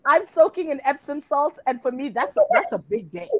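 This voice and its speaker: A woman's voice: high-pitched, big pitch swings, a little fast, low-quality recording. Emphatic woman guest. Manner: emphatic, repeats herself playfully. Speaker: podcast guest. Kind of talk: casual interview chat.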